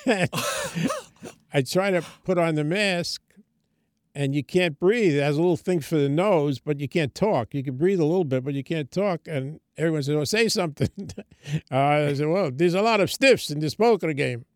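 A man's voice: fairly high pitch, moderate pace, no echo, clean studio sound. An older man, a comedian, telling a story in casual talk and acting out the quoted voices. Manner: animated anecdote telling, acts out quoted voices. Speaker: comedian guest.

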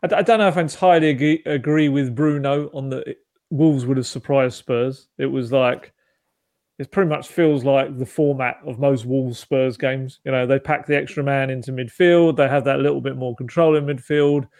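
A man's voice: mid-range voice, fairly even intonation, normal speed, darkish tone, no room sound. A man co-hosting a football podcast, chatting casually with lots of restarts and asides. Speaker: podcast co-host.

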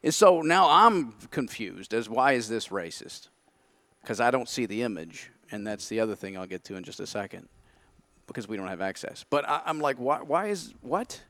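A man's voice: on the low side, fairly quick, a bit bright, no room sound. A man, a podcast guest, telling his side of a story candidly and acting out his own thoughts in quotes.

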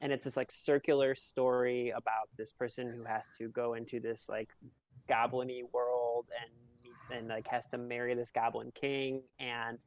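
A man hosting a relaxed podcast conversation, talking in an animated, playful way and laughing along often. His voice has an ordinary middle pitch for a man. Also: moderate pace. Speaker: podcast host. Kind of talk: casual chat.

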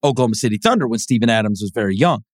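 A man co-hosting a sports podcast, telling stories in a casual, animated way and dropping into high mimicking voices. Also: very fast, no room sound, clean studio sound. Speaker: podcast co-host.

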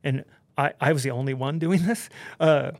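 A man, a podcast guest, telling a story in a casual, animated way, full of swearing and "like" and "dude". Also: medium pitch, moderate pace, gravelly, no echo. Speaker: podcast guest, pro snowboarder.

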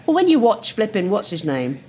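An older woman from England, telling lively anecdotes and acting out voices over lunch in a restaurant. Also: mid-range voice, fairly quick, a crowd in the background. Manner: lively storyteller who acts out voices. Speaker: guest. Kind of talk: casual chat.

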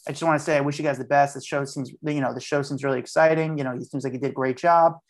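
Male podcast guest, chatty storyteller who replays his own lines, mid-pitched. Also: fairly even intonation, very fast. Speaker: podcast guest, street journalist. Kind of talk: casual storytelling.

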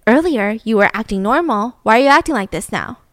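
A woman voicing intense male police detectives, loud and exasperated as they press a suspect. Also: a little high, animated, a little fast, no room sound, clean studio sound.

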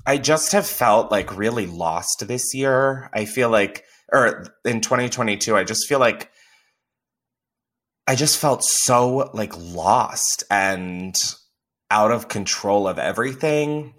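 In a casual chat, a young podcast host speaks slowly with a fairly low, fairly bright voice and lively intonation. He's candid and profane, swearing a lot and laughing often.

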